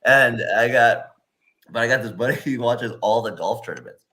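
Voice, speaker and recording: A man's voice: medium pitch, normal speed, sharp tone. A man co-hosting a sports podcast in casual chat, rambling with lots of fillers and laughing often. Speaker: podcast co-host.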